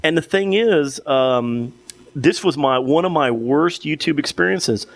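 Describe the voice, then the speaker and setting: A man's voice: fairly high pitch, lively intonation, measured pace, creaky. A young man co-hosting a podcast, telling a long story in casual chat with many restarts and fillers. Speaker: podcast co-host.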